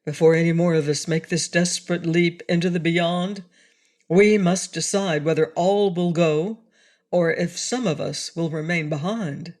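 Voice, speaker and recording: A woman reading a calm old storybook wizard who explains things gravely and slowly. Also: on the low side, lightly acted. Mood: earnest. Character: kindly elderly male wizard, careful leader.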